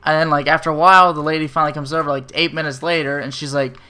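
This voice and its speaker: A man's voice: on the high side, flat delivery, racing, pushed and bright, clean tone. A man telling a profane, sarcastic rant about bad service in a casual way. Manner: profane, sarcastic, filler-heavy. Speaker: restaurant server telling a story.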